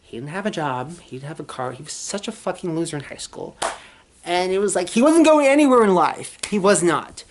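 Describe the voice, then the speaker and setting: Young woman from Texas with a low voice, vlogging a rambling storytime full of restarts and swearing. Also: lively intonation, fairly quick, slight background noise. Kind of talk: casual storytime.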